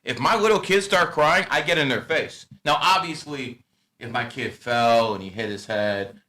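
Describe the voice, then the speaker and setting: A man in his thirties hosting a casual chat, blunt and profane, swinging from loud rants to low asides. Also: moderate pace. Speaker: podcast host.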